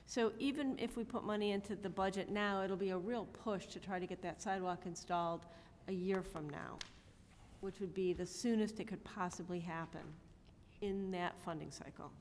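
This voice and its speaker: A woman alderman speaking at a city council meeting, methodical and orderly as she lays out the steps of a plan. Her voice sits at a middle pitch and carries the long reverb of the chamber, with a faint hum underneath. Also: fairly even intonation, moderate pace, darkish tone.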